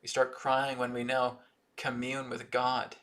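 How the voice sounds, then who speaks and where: A man's voice: mid-range voice, monotone, measured pace, fairly bright tone. A man hosting a live-stream spiritual teaching and Q&A, talking earnestly and often checking in with "right?" and "okay?". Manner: reads viewer comments aloud from the chat.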